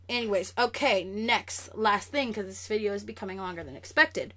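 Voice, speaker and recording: A young woman vlogger chatting casually and sassily about comic news, animated and straight to the camera. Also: medium pitch, normal speed.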